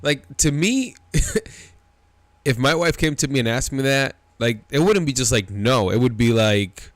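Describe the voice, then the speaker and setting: A man's voice: medium pitch, animated, a little slow, no echo. A man hosting a reaction show, giving blunt, incredulous commentary on a played clip.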